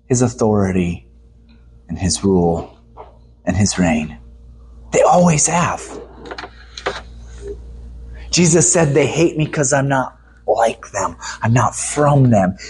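A man preaching a sermon with emphasis, his voice rising high for the voices he quotes and dropping low when he reads scripture. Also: a little hiss or hum.

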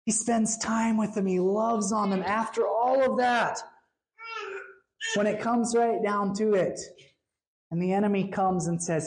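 A woman preaching an expressive sermon, slowing down for emphasis and sometimes dropping to a hush. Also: mid-range voice.

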